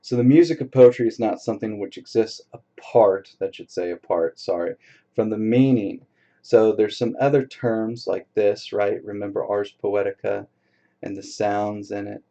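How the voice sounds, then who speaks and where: A man lecturing a college poetry class in a relaxed, casual way, reading poems aloud slowly with a strong beat. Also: fairly low pitch. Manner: relaxed, casual teacher talk with fillers. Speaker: college instructor. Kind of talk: recorded lecture.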